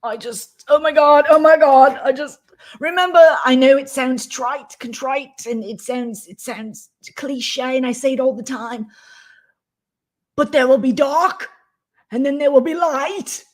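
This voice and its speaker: A woman's voice: sits high, measured pace, pitched above the performer's own voice. A woman voicing a pompous, self-pitying male internet troll in a theatrical, grandiose, whiny way. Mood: preachy. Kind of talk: mocking impression in casual chat.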